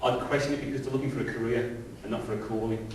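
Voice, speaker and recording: A middle-aged man with a mid-range voice preaches a sermon as pastor, talking very fast with fairly even intonation and putting rhetorical questions to the congregation in a conversational way. He's in a church hall full of people, recorded through a distant mic in a very echoey space with faint hiss.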